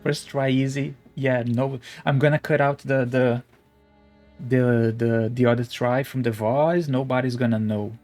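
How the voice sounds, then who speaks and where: A man's voice: mid-range voice, steady tone, a little slow, darkish tone, faint music behind. A man streaming a game live, chatting casually and self-deprecatingly, stumbling over his words at a desk microphone. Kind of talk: live-stream gameplay chat and reading.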